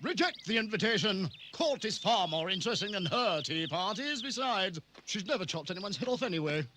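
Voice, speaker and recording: Prim cartoon egg, high bright voice, jumps around. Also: male voice, expressive, fairly quick, background noise. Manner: prim and precise. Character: prim, proper egg who sits on a wall. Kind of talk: cartoon dub acting.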